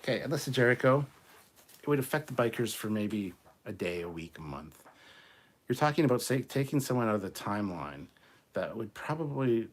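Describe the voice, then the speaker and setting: A man's voice: medium pitch, very animated, fairly quick. A man hosting a casual livestream, reading viewer comments and answering them in a blunt, profane, argumentative way.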